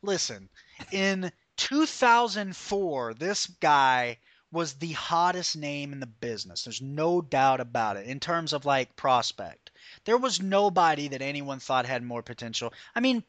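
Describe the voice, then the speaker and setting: A man's voice: fairly high pitch, measured pace, no echo. A man hosting a podcast in casual chat, emphatic and opinionated, swearing freely and mimicking people as he argues. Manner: animated, often mimics people mid-story. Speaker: podcast host.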